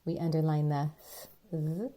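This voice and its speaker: Woman reading out spelling words real slow, breaks every word into syllables, lowish voice. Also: fairly even intonation, mellow, slight background noise. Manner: deliberate, sounds out each syllable. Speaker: spelling teacher. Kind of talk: slow spelling dictation lesson.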